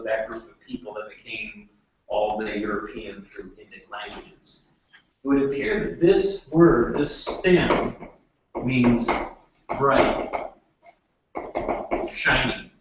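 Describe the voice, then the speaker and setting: A man giving a classroom lecture, talking haltingly with many fillers and restarts. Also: medium pitch, slight background noise. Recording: echoey room, voice from far off.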